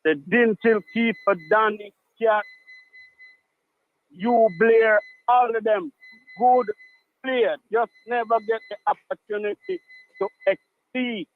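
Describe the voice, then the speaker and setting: A man with a Jamaican accent, calling in to a radio show and talking in an animated way, mixing patois into his speech and repeating himself. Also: high-pitched, takes it slowly, long pauses, no room sound. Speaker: caller. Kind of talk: call-in radio chat. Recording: tinny phone line, dry.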